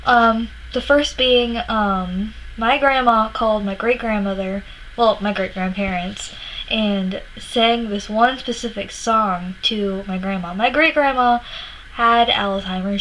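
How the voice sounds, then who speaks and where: A woman's voice: mid-range voice, a little slow, a bit bright, a little hiss or hum, poor audio. A young woman telling personal stories in a casual vlog, rambling with fillers and restarts, upset and tearful. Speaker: vlogger.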